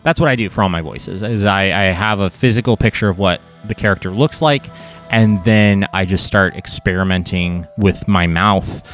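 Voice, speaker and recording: A man with a fairly low voice chats loosely as a podcast's game master, musing aloud and pausing on fillers. Faint music sits far behind him. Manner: relaxed, thinking aloud with fillers. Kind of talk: casual podcast chat.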